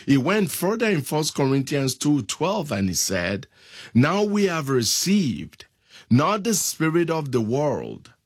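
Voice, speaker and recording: A man preaching a sermon, reading scripture aloud in a slow, deliberate way. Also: mid-range voice, dry recording, clean studio sound.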